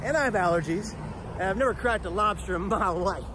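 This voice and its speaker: High-voiced man telling a funny story. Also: brisk, background noise. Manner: animated, punchy, profane asides. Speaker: motivational speaker. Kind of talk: comedic personal storytelling.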